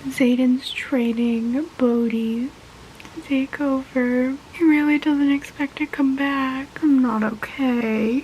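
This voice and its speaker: A young woman vlogging casually about her reading, gushing and excited, sometimes dropping to a whisper. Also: high-pitched, takes it slowly, slight background noise, poor audio. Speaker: book vlogger. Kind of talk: casual reading vlog chat.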